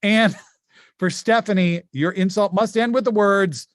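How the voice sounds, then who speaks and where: A man hosting a streamed insult comedy game, brisk and joking, often laughing as he reads out the rules. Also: high-pitched, steady tone, no echo, clean studio sound.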